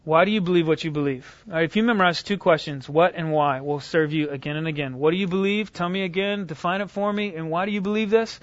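A man with a fairly high voice tells stories to teach a group, lively and conversational, often restarting his sentences. The recording is dull and lo-fi, with a dry, close sound and no room echo. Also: fast, few pauses. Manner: conversational, animated retelling with restarts. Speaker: speaker teaching evangelism. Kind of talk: storytelling lecture.

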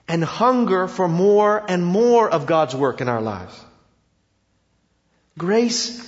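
A man preaching a sermon, impassioned, swinging between loud emphasis and hushed stretches. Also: sits high, big-room sound, dull audio. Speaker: pastor.

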